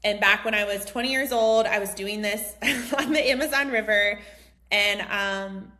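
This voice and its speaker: A woman's voice: mid-range voice, moderate pace. A woman in her thirties from the United States, a mindset coach telling a personal story in a casual, chatty way, full of "like" and "um". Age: 30s. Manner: chatty, heavy use of "like" and "um", animated retelling. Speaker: mindset coach hosting a group session.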